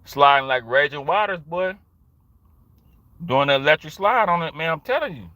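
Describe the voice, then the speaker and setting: High, bright-voiced boisterous male streamer. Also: expressive, normal speed, dry recording. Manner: slangy, boisterous, storytelling with put-on voices. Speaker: streamer reacting to news. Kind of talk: animated live-stream commentary.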